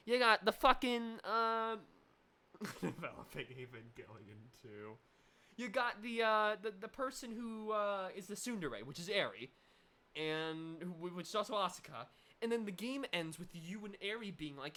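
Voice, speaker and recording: A young woman streaming a game with loud, rambling, sweary, excitable commentary. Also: mid-range voice, measured pace. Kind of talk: let's play commentary.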